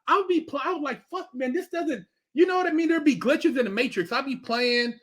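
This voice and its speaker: Middle-aged male guest, very high pitch, emphatic storyteller with salty language. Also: brisk. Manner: animated, emphatic, heavy swearing, acts out quotes. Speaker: podcast guest. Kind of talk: casual chat, storytelling.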